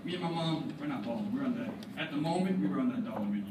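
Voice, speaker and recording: A man's voice: medium pitch, racing, heavy background noise. A teenage boy performing stand-up comedy at a school show, telling stories and acting out his friends' lines. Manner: animated storytelling, acts out friends' lines. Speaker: student comedian. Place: school auditorium with live audience. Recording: echoey hall, distant, loud crowd laughter.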